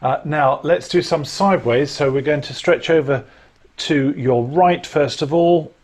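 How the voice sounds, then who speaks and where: Man leading a choir warm-up. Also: fairly high pitch, unhurried. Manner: instructive, demonstrates sounds and lip trills. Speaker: choir director. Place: home during lockdown.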